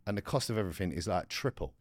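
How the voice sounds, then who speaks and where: A man's voice: deep voice, animated, very fast, no echo, studio quality. A young man co-hosting a podcast in casual chat, blunt and slangy, explaining things at length. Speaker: podcast co-host.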